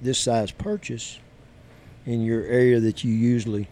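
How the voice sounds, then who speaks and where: A man's voice: medium pitch, flat delivery, measured pace, dark tone, slight background noise. A man, a guest telling stories in an easygoing, rambling way. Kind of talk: casual storytelling chat.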